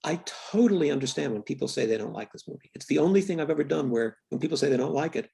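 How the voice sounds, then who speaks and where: Reflective and candid, the older filmmaker, who writes and directs, recounts stories in an interview. His fairly high voice is expressive, creaky, and breathy, and he keeps restarting thoughts and pausing quietly as they trail away.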